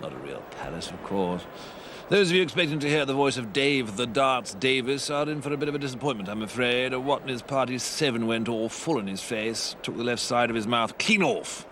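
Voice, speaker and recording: A man doing a pompous old aristocrat commentating on sport in a plummy upper-class English accent. He rambles in an offhand, callous way, his voice bright and forceful. A faint background noise sits under the voice. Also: medium pitch, expressive, brisk, close to an everyday voice. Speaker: comedy voice-over commentator. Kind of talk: improvised comic commentary over old footage.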